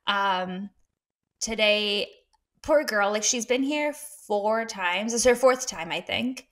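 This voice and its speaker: A woman's voice: mid-range voice, slow pace, fairly bright tone. A woman co-hosting a podcast from her dining room at home, telling stories in casual chat and laughing often. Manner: chatty storyteller who laughs a lot. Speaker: podcast co-host.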